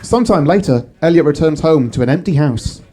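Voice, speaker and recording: A podcast host narrating a comic story at a live pub show. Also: male voice, on the high side, fairly quick, breathy edge. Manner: steady storyteller.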